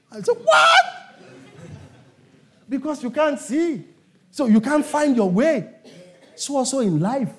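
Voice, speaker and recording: A man's voice: sits high, a little mellow. A man preaching a sermon to a congregation, emphatic and repetitive, calling on his listeners to answer.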